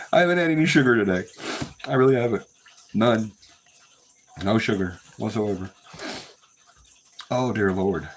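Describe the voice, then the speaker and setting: A man's voice: fairly low pitch, unhurried, pauses often, a little hiss or hum. A man hosting a casual live stream, breaking into fits of laughter. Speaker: paranormal live-stream host.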